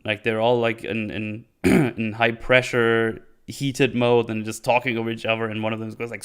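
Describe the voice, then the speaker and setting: Man, low voice, casual host, rambling recap, lots of uhs and quoted lines. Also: steady tone, clean tone. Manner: rambling retelling with quick quoted lines and filler. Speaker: podcast host recapping a series. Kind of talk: casual chat.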